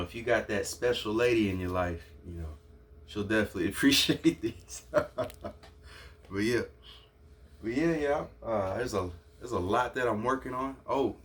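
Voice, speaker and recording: A man with a very low voice chats through an unboxing vlog. He sounds excited and grateful, a bit nervous, and often stumbles and restarts his sentences. A faint hum of room noise sits behind him. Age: adult. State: a little nervous. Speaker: vlogger showing his own shoe line.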